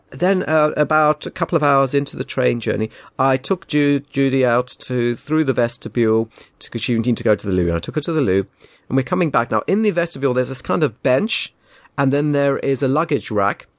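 A man's voice: medium pitch, normal speed, no room sound. A man telling a casual anecdote in a wry, indignant, rambling way. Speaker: storyteller.

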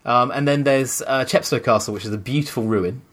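A man's voice: mid-range voice, fairly quick, a bit bright. Male co-host, chatty anecdote teller, meandering delivery. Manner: rambling storyteller, many restarts, acts out quoted voices. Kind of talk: casual chat, telling an anecdote.

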